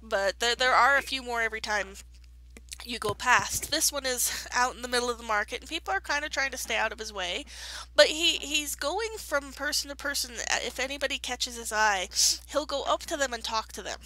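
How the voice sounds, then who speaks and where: A woman running a tabletop game, her voice bright and slightly high. She talks in a chatty, rambling way, full of ums and restarts as she describes the scene. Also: brisk, poor audio. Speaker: game master.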